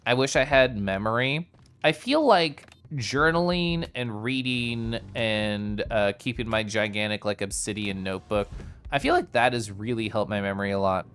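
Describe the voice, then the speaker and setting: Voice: mid-range voice, moderate pace, a bit bright, smooth. A streamer giving chatty, playful live commentary while playing a game and joking with chat.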